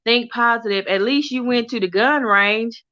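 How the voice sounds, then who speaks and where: A woman's voice: a little high, measured pace, bright, forceful tone, muffled recording. A woman hosting a casual livestream chat, talking to viewers by name and reading their comments aloud. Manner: chatty, talks to viewers by name.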